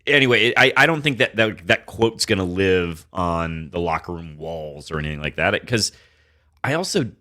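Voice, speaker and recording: A man's voice: low-pitched, animated, normal speed, bright, forceful tone. A man co-hosting a sports podcast, rambling casually with frequent restarts and swearing. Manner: laid-back, profane, rambling with restarts. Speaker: podcast co-host.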